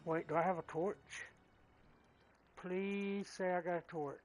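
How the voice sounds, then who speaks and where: Unhurried gamer narrating their run, mutters to self, yelps when stuff chases them, faint game music behind. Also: medium pitch, fairly even intonation, a little mellow, a little hiss or hum, rough recording. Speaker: gaming channel co-host. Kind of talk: let's play commentary.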